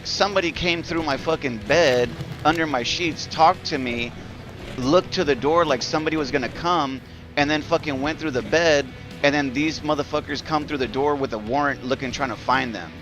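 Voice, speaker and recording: A man's voice: on the high side, normal speed, music in the background. A man casually telling a long story while live-streaming a game, rambling with lots of fillers, restarts and swearing.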